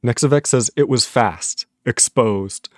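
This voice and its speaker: A man's voice: mid-range voice, takes it slowly, dry recording, clean studio sound. A man on a casual live stream, reading chat messages aloud, laughing often and puzzled by the jokes.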